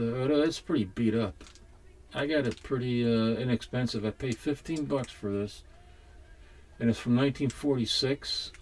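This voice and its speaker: A man chatting casually while unboxing comics at home, rambling and halting, with the odd swear word. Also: mid-range voice, a little mellow. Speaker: comics collector vlogger.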